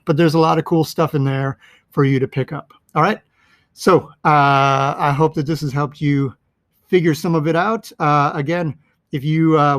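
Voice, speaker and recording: A man's voice: on the high side, no echo, clean studio sound. A man casually breaking down a movie in a rambling, chatty way, full of fillers. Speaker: movie explainer.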